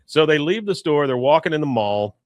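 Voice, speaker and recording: A man hosting a podcast, casually chatting and retelling scenes in an animated way. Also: fairly high pitch, brisk, dry recording. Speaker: podcast host. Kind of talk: casual chat.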